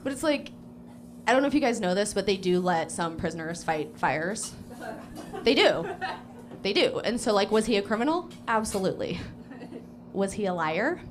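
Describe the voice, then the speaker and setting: A woman's voice: medium pitch, big pitch swings, moderate pace, long pauses, a little hiss or hum. A young woman doing a crude, self-mocking stand-up set on a small cafe stage, with lots of fillers. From Portland, Oregon. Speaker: stand-up comedian.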